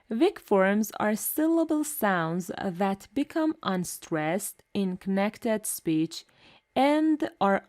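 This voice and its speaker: A woman teaching English pronunciation in a slow, scripted lesson, saying each example word twice with careful enunciation. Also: medium pitch, darkish tone.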